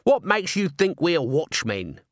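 A man's voice: fairly high pitch, big pitch swings, a little slow, dry recording, clean studio sound, voice pushed up. A man voicing a shifty, uneasy little watchman who talks in a wheedling way in a storybook reading.

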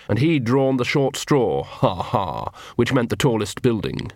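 Male audiobook reader, mid pitch, measured, very dry studio sound. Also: lively intonation, no echo. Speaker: audiobook narrator. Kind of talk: scripted narration.

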